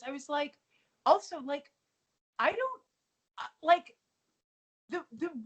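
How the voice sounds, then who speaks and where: A woman co-hosting a podcast, chatting casually about a sitcom episode and acting out characters' lines. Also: high-pitched. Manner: lively, chatty, acts out lines in quotes. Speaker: podcast co-host.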